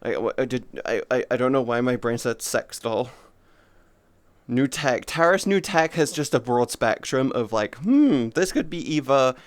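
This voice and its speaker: A man chatting casually on a livestream, teasing viewers playfully and cooing soft praise at them. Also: medium pitch, lively intonation, normal speed, no echo. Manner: playful, teasing chat banter. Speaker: streamer.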